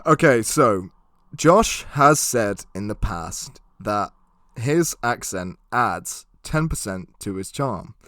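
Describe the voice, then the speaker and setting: A man's voice: on the low side, expressive, slow, a bit bright. A young man hosting a casual podcast quiz, playful and laughing often. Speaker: podcast host running a quiz.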